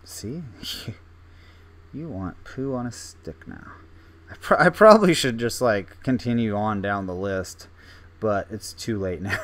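Young male gaming host, unhurried low voice, casual self-mocking commentary. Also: lively intonation, a bit bright. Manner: self-mocking, thinking aloud, hesitant restarts.

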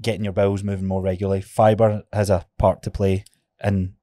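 Male podcast host, lowish voice, dry close sound, easygoing. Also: fairly quick, dry recording. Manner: relaxed, agreeable, many fillers. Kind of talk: casual interview chat.

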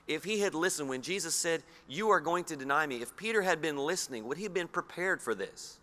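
A man from Australia preaching a sermon, reading scripture slowly and low and putting questions to his listeners. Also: animated, pushed and bright. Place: church hall. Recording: long hall reverb.

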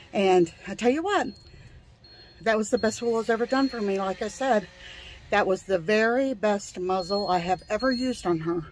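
A woman talks casually to her viewers in a friendly, folksy way. She rambles from one thought to the next at a mid pitch. She keeps her tone relaxed and conversational. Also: slight background noise. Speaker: vlogger grooming her own dog. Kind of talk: casual chat to camera.

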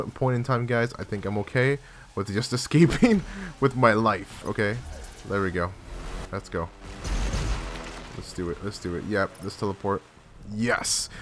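A man commenting casually on his game as he plays, excitable and chatty, cursing and addressing his viewers often. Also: fairly low pitch, a little hiss or hum. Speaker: gaming channel host.

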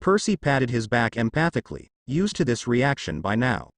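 A man reading a story aloud. His pitch rises and falls a lot as he goes, and his voice is close and dry, with no room sound. He keeps the narration quick and even and only slightly lifts his tone for the characters' lines. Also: no echo. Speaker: fan fiction reader.

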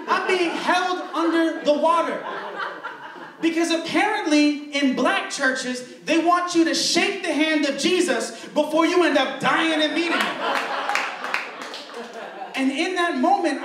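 A young man doing stand-up, telling a story in an animated, crude, self-mocking way on a club stage. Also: extremely high pitch, a little slow, noisy background. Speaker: stand-up comedian. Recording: roomy stage sound from a distant mic.

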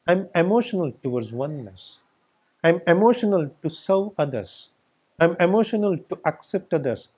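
Lively, husky-voiced spiritual teacher. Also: male voice, on the high side. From India. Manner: emphatic, repetitive lists. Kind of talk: satsang discourse.

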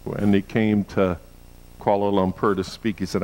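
Male pastor, low voice, sermon delivery that surges into emphatic high-pitched declarations. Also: flat delivery, normal speed, poor audio. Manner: builds to loud, high emphatic peaks, with frequent uh fillers.

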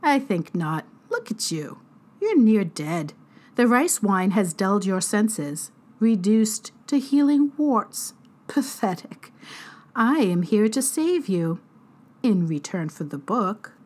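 A woman's voice: mid-range voice, sing-song, slow pace, darkish tone. A woman voicing a cold, smug twelve-year-old boy mastermind with precise, condescending speech.

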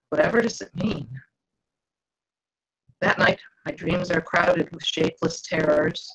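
A woman reads her novel aloud in measured first-person narration. Her voice is husky with a gravelly rasp, and it comes through a dull, lo-fi video call. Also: fairly low pitch. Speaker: author.

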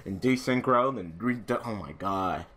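A young man giving casual gameplay commentary, swearing and ranting in exasperation, swinging between mumbled asides and loud outbursts. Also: fairly low pitch, expressive, measured pace. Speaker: gaming channel host.

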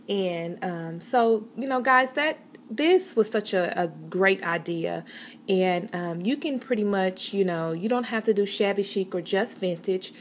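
A woman's voice: on the low side, darkish tone, a little hiss or hum. A woman vlogger chatting casually with viewers while showing her handmade papercraft projects, with many fillers. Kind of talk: casual show-and-tell craft video.

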